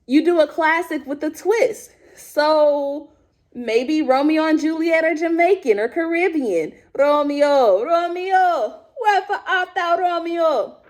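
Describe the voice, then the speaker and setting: A woman drama teacher giving tips to fellow educators, her voice sitting a little high. She talks in a lively, chatty way and speaks straight to her listeners.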